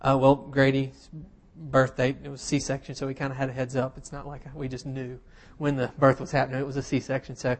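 Male preacher, mid-pitched, chatty sermon delivery, dry self-deprecating humor, lots of ums. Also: monotone, fairly quick, few pauses. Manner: casual and self-deprecating, with humorous asides and frequent fillers. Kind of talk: conversational sermon.

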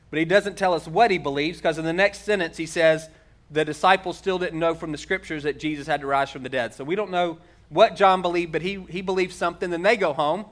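A middle-aged man preaching a sermon as a pastor, earnest and conversational, slowing down to stress key points. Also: on the high side, fairly bright tone.

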